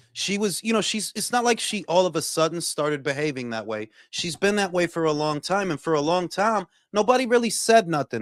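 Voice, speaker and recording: A high-voiced man from Detroit, with a Detroit accent, hosts a casual boxing talk livestream. He rants bluntly, profanely, and heatedly, and the recording is studio quality with no room sound.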